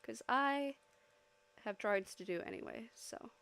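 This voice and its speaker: A woman streaming live while she draws, chatting casually with her audience, giggling often and bursting into loud, excited squeals. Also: a little high, unhurried, gravelly.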